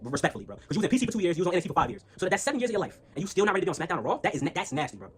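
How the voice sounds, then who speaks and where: A man talks at a rapid clip in a casual vlog rant, his slightly raised voice full of slang and stumbling restarts. He gets loud and heated as he presses his points. A faint noise floor sits under the recording. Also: high voice, big pitch swings. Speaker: wrestling commentary vlogger.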